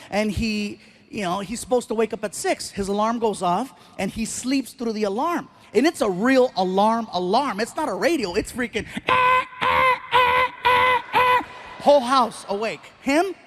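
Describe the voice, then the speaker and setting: A man doing stand-up comedy on stage into a handheld mic. He tells animated stories with sound effects. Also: extremely high pitch, normal speed, a little hiss or hum.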